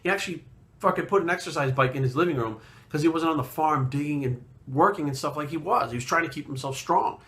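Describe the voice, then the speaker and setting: A man's voice: fairly high pitch, quick pace, a bit bright. A man in his late thirties from Rhode Island, telling a personal story in a blunt, rambling way with lots of swearing. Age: late 30s. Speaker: fitness vlogger. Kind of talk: casual storytelling.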